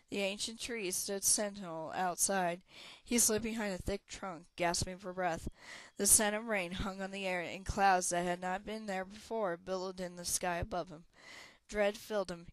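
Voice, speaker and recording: Woman reading a fantasy book aloud, steady voice, dry close sound. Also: mid-range voice, dry recording, rough recording. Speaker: audiobook reader.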